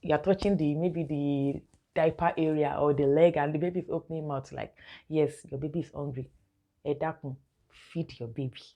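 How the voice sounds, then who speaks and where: A woman's voice: low voice, fairly even intonation, normal speed, dull audio. A young woman, a mother giving casual baby-care tips to her viewers and calling them guys. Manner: chatty, keeps addressing viewers as guys, laughs often. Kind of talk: casual instructional vlog.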